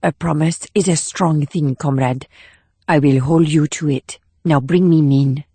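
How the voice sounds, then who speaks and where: A man's voice: fairly high pitch, a little slow, breathy edge, no echo. A man putting on a cold, ruthless woman agent. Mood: coldly menacing. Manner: clipped, commanding, flat menace. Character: cold, ruthless adult female state agent. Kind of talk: audiobook character voice.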